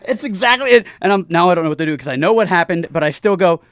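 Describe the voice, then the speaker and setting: A man telling a story in casual chat, animated, acting out the voices and laughing often. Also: high-pitched, quick pace, clean tone, no room sound, clean studio sound. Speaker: show guest telling a story.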